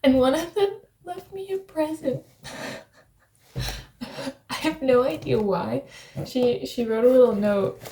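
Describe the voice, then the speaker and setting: A young American woman chatting casually to her vlog viewers from a rented flat, rambling and laughing often. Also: high voice, slow pace, pauses often, slight background noise. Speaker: vlogger. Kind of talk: casual vlog chat to camera.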